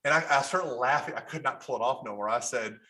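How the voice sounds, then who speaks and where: A man with a Kentucky accent talks quickly as a podcast guest, his voice bright and forward. He rambles through anecdotes, restarts his sentences and acts out the people he quotes. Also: mid-range voice. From Kentucky, USA. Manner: animated storyteller, restarts often, acts out quotes. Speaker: guest photographer. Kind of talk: casual interview chat.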